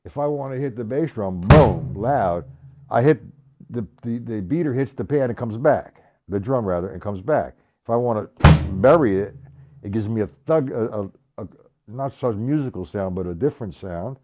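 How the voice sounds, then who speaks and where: A man's voice: lowish voice, lively intonation, normal speed, warm tone. A man giving a live-streamed drum lesson, talking bluntly and emphatically, repeating his points as he demonstrates strokes. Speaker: drum teacher. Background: drum hits.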